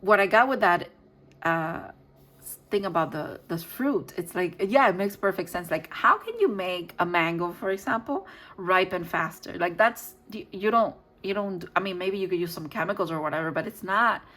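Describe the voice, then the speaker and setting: A woman giving a casual tarot reading to viewers. She thinks out loud, restarts and corrects herself often, and laughs softly now and then. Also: fairly low pitch, lively intonation, normal speed, rough recording. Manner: frequent soft laughter. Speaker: tarot reader.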